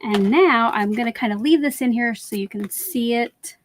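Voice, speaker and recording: Standing as she works, a woman hosts a live crafting stream, chatting with viewers while guiding them through each step. Her voice is fairly high and moderately paced, with slight background noise.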